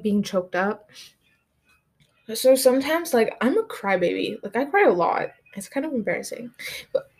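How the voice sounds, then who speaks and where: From her desk at home, a late-teen American girl hosts her own podcast, chatting casually and rambling with plenty of "like" fillers. Her voice is a little high with a dark tone.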